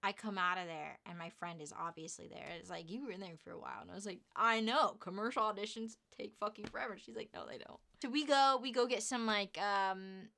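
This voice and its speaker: A young woman tells a story to her camera in a bright, clear voice. She is lively and chatty, laughs often, and slips into quick impressions of the people in her story. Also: medium pitch. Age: young adult. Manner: animated, laughing, acts out quoted voices. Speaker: vlogger. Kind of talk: casual storytelling vlog.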